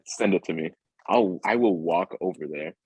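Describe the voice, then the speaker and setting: A man's voice: deep voice, moderate pace, darkish tone, husky, no room sound, poor audio. A man guesting on a podcast, chatting in a rambling, playful way. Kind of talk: casual chat.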